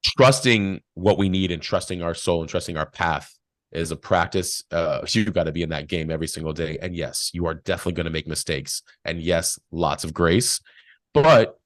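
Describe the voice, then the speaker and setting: Man, deep voice, reflective casual talk, acts out quotes, dry close recording. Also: normal speed, fairly bright tone, dry recording. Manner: reflective, tells stories with acted quotes. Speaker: podcast guest.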